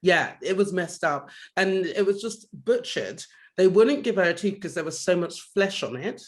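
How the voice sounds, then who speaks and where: Young man, from London, fairly high voice, lively storyteller, casual podcast chat. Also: moderate pace. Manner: animated storytelling, swears when recounting anger. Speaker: podcast co-host.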